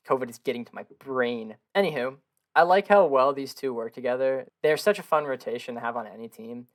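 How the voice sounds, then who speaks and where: A young man, hoarse and gravelly from illness, reads dense game card text in a flat, steady voice at a middling pitch. Between the stat blocks he drops into loose, slangy asides. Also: brisk. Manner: flat reading of long stats, then slangy offhand comments. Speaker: gaming video creator.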